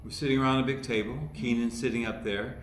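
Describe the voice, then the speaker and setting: A comedy writer from Ohio, appearing as a podcast guest, tells stories in casual conversation and acts out the people he quotes. He speaks quickly at medium pitch, in an echoey room with faint background noise.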